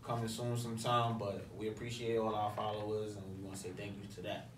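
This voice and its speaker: A man co-hosting a casual podcast, animated and full of slang, often laughing. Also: fairly low pitch, quick pace. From American. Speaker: podcast co-host. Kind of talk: casual chat. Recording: roomy, distant mic, faint noise.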